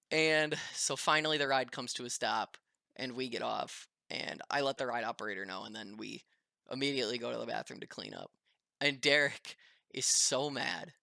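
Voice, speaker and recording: A man telling a story to his viewers in a casual, animated, chatty way, often breaking into laughter. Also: mid-range voice, smooth, no room sound, studio quality. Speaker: vlogger.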